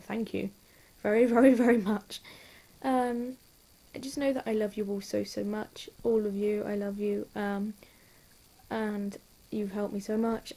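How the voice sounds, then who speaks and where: A woman's voice: medium pitch, dark tone. A woman with an English accent chatting to her followers in a gushing, rambling way, piling up repeated words for emphasis. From England. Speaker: vlogger. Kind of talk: casual chat to camera.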